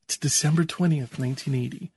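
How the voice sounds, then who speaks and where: A man's voice: a little high, fast, darkish tone, breathy edge. Hesitant man podcast co-host. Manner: hesitant, many ums, self-deprecating laughs. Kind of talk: casual podcast chat.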